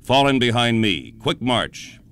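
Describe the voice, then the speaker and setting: A man's voice: medium pitch, very animated, a little slow, a bit bright, clean tone. A male narrator voicing an imperious, swindling older army captain who snaps curt commands.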